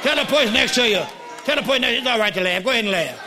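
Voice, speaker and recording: A man pastor, preaching in shouts and leading the church in loud laughter during a live service. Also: extremely high pitch, lively intonation, racing, loud music behind the voice. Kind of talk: shouted charismatic sermon. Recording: live church recording with loud crowd and noise. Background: congregation noise.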